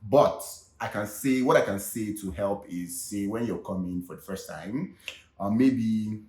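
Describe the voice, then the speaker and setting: A Nigerian man vlogging casually, relaxed and chatty, slipping into Pidgin now and then. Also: lowish voice, a little slow, a little hiss or hum. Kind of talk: casual vlog talk. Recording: echoey room.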